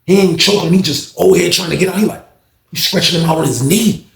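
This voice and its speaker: A man telling a story in casual slang, animated and acting out other people's voices. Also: sits high, fairly quick, vocal fry, roomy sound.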